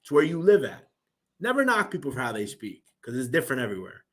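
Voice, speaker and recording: A man's voice: mid-range voice, big pitch swings, quick pace, fairly bright tone. A young man with a Philadelphia accent hosting a casual live-stream, loose and rambling, reading out viewer comments. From Philadelphia, USA. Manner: loose and rambling, full of fillers. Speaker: host.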